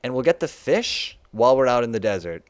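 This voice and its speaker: A man's voice: mid-range voice, sing-song, brisk, clear, resonant tone. A young man casually walking through his own game on a live stream, chatty and laughing often.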